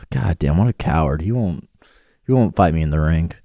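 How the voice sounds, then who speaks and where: A man's voice: extremely low pitch, animated, moderate pace, dark tone, dry recording, clean studio sound. A man co-hosting a podcast in casual chat, joking crudely and laughing often. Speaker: podcast co-host.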